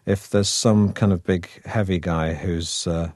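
A middle-aged man from Manchester with a softened northern English accent, chatting wryly as an actor in an interview, with many fillers and restarts. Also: low voice, steady tone, measured pace, dry recording, clean studio sound. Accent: northern English, softened toward received pronunciation. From Manchester, England. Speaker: actor guest. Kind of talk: relaxed conversational interview.

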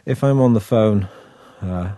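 A middle-aged man from Manchester with a softened northern English accent, chatting wryly as an actor in an interview, with many fillers and restarts. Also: on the low side, measured pace, no room sound. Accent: northern English, softened toward received pronunciation. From Manchester, England. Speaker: actor guest. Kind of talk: relaxed conversational interview.

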